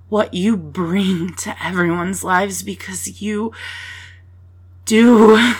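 A woman in a whispered role-play, speaking softly and reassuringly to the listener, swearing casually as she comforts them. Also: mid-range voice, fairly even intonation, very slow, husky.

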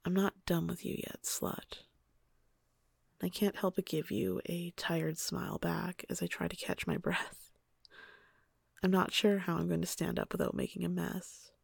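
A young woman narrating an intimate first-person story in a soft, hushed voice that often slips into a whisper, then chatting casually with many fillers. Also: on the low side, little pitch movement, vocal fry, slightly rough, no room sound. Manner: chatty and halting with fillers when speaking off-script.

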